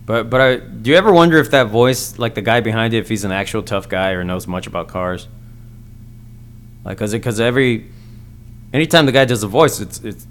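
Guy ranting solo on his podcast, crude, keeps stumbling over his words. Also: on the low side. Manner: crude, rambling, stammers and repeats words. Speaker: podcast host. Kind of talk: solo comedic podcast rant.

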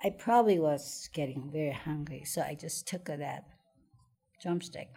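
A woman's voice: low-pitched, normal speed, creaky, warm tone, slightly rough. A middle-aged woman telling a personal childhood story in conversation, hesitant, repeating words and laughing often. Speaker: interviewee.

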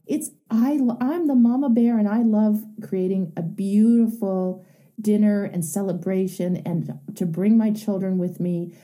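A woman's voice: medium pitch, measured pace, warm tone. A woman talking frankly and emphatically as a host, telling a personal story and giving advice.

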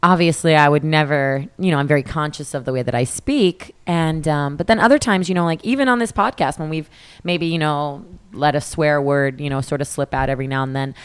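A woman who presents on camera for a living, co-hosting a podcast in a relaxed, conversational way. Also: deep voice, brisk, clean tone. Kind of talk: casual chat.

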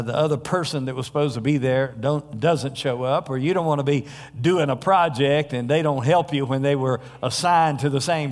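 A male pastor preaching a sermon in a church, telling stories in a conversational way with frequent pauses. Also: a little high. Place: church sanctuary. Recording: long hall reverb.

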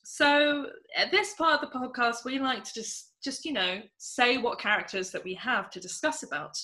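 A woman's voice: fairly high pitch, moderate pace, bright, forceful tone. An English woman co-hosting a podcast, chatting casually about a film and laughing often. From England. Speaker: podcast co-host.

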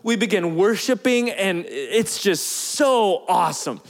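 A man preaching, telling a personal story in a lively, animated way and acting out the quotes. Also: high-pitched. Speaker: pastor. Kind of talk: storytelling sermon.

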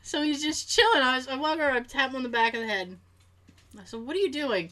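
A woman telling a casual story on a chat podcast, animated, laughing often and acting out what people said. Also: high voice, quick pace.

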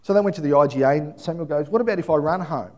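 A man, middle-aged, preaching a sermon and telling family stories with lively acted-out voices. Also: racing. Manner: animated storytelling, acts out voices, high excited calling. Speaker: pastor.

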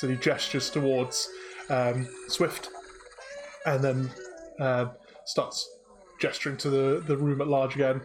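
A man narrating as game master of a tabletop game, halting with many fillers. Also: medium pitch, little pitch movement, rough recording.

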